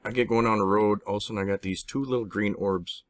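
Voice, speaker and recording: Deep-voiced man rambling through a story. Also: steady tone, dry recording, studio quality. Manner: rambling, halting, frequent restarts and mild swearing. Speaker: interviewee recounting personal experiences. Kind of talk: casual spoken storytelling.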